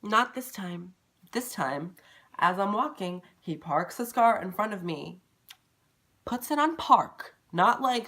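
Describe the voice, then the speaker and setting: Bright-voiced man telling a wild story. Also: sits high, slow. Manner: animated, profane, dramatic retelling. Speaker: vlogger. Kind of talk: casual storytime.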